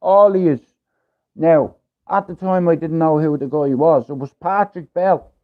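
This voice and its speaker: A man from Ireland telling a rough story on his livestream, blunt and full of swearing, in a casual streetwise way. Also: on the high side, a little slow. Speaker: livestream host. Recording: tinny phone-like livestream audio.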